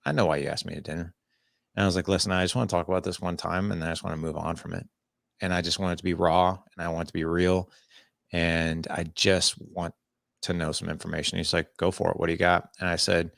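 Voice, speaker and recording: A man with a very deep voice and a gravelly, fry-laden texture tells a personal story in earnest, animated bursts, acting out old conversations. The sound is dry and close, with no room around it. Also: dry recording. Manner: earnest, animated storytelling with frequent "I was like" quotes. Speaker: podcast guest. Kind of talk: candid storytelling interview.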